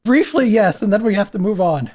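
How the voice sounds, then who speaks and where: A man's voice: high-pitched, animated, a little fast, a little mellow. A man hosting a charity livestream in casual chat, reading prompts and cheering his guests on. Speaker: livestream host.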